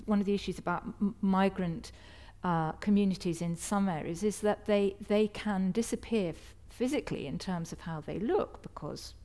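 A woman's voice: medium pitch, moderate pace, mellow. A woman hosting a panel discussion before an audience, asking academic, probing questions with hesitant restarts. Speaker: panel host.

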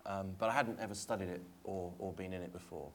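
A man's voice: low voice, steady tone, fast, a little hiss or hum. A man, an actor, speaking on a stage panel in a hesitant, thoughtful way with many fillers. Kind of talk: panel discussion.

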